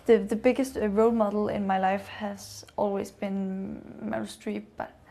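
Young woman in an interview, hesitant, flat, gravelly. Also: medium pitch, normal speed. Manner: hesitant, searching for words. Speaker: actress interviewee. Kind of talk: casual interview answers.

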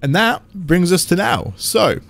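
A man's voice: high-pitched, expressive, unhurried, gravelly, a bit bright, slight background noise. A man, chatting casually and laughing as he plays a game on stream. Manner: chatty, laughs often, thinks aloud. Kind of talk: casual gameplay commentary.

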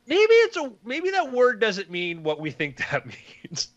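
A man's voice: extremely high pitch, wildly swooping pitch, unhurried, dry recording, lo-fi sound. A man hosting a casual podcast, rambling with many restarts and slipping into quoted voices. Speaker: podcast host.

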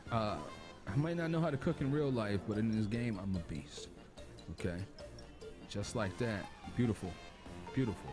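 A man narrating a cooking game, talking to viewers and getting flustered and panicky. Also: mid-range voice. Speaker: gaming YouTuber. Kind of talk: casual gameplay commentary. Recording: loud game music behind.

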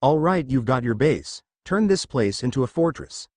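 A man's voice: mid-range voice, animated, normal speed, a little mellow, dry recording, clean studio sound, natural voice. A man voicing an offhand, all-powerful young male ninja in a story reading. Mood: cocky.

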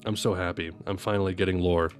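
A man streaming live as he reads a comic and reacts to it, gushing and excitable. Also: low voice, fast, soft background music.

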